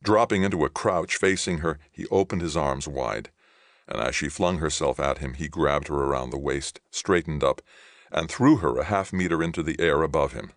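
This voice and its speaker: Deep gravelly male audiobook narrator, measured and even, dry close sound. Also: no room sound. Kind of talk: scripted narration.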